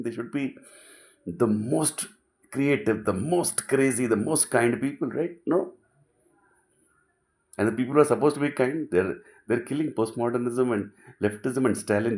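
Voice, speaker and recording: A man's voice: mid-range voice, moderate pace. A middle-aged man, giving an impassioned philosophical talk full of repetition and rhetorical questions, dropping to near whispers at times. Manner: emphatic, repeats phrases, rhetorical questions, swings between loud and hushed. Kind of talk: impassioned monologue.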